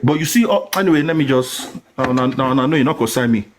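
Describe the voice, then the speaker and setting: A man's voice: medium pitch, lively intonation, fast. A man giving his opinion on a live group call, rambling with many fillers and restarts. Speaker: caller in an online group talk. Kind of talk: casual opinion chat.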